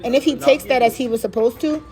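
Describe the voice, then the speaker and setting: A woman talking casually through one of her own chess games, excited and repeating herself for emphasis. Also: sits high, quick pace. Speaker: chess player. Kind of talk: casual chess vlog commentary.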